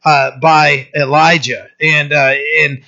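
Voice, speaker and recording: A man preaches a conversational sermon in a loose style, frequently stumbling back over his words and ending lines with "right?". His fairly high, bright voice is flat and slow, and the recording sounds dull and lo-fi.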